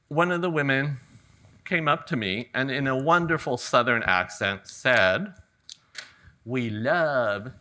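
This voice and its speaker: Chill middle-aged guy from california doing a flower demo, super bright tense voice, laid-back jokey storytelling. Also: medium pitch. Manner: relaxed, joking storyteller. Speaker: ikebana demonstrator. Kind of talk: live floral demonstration talk. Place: garden event venue with audience.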